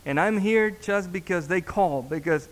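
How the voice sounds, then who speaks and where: A man, a pastor, telling a story in a sermon, halting and repeating words as he acts out the dialogue. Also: high-pitched. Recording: long reverb in a hall.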